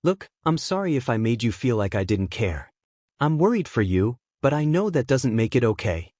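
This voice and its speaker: A man voicing a tired adult male teacher who speaks haltingly and earnestly. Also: medium pitch, very animated, darkish tone, no echo, clean studio sound.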